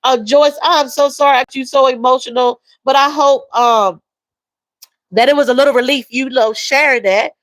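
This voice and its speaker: Lady chatting on a live stream, soft and emotional, saying y'all a lot, dry sound. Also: high voice, steady tone, normal speed, no echo, rough recording. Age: adult with a young daughter. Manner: emotional, soft-spoken, repeats phrases, addresses viewers as y'all and baby. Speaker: livestream host. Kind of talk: casual livestream chat reading comments.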